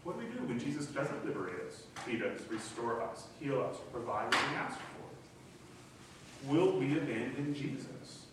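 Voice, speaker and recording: Middle-aged male pastor, animated sermon delivery, slightly high voice, distant echoey hall with faint hiss. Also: moderate pace. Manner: animated, acts out voices in quoted dialogue. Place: church hall.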